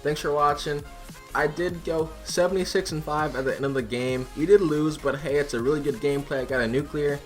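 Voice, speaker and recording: A man's voice: a little high, steady tone, a little fast. Chatty young man laughing through a story. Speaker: gaming channel host. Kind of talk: casual storytelling over gameplay. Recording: music playing behind the voice. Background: background music.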